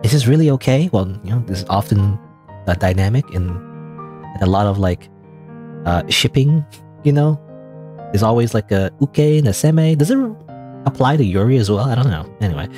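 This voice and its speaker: A man's voice: lowish voice, lively intonation, moderate pace, pauses often, warm tone, soft background music. A man making casual, joking asides while playing a story game, rambling with fillers. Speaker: let's play streamer.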